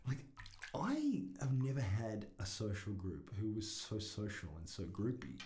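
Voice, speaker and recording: A man's voice: fairly low pitch, wildly swooping pitch, a little slow, warm tone. A man talking casually to camera in a rambling, self-mocking way, swearing constantly and laughing at his own jokes. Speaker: vlogger. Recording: echoey room with faint noise.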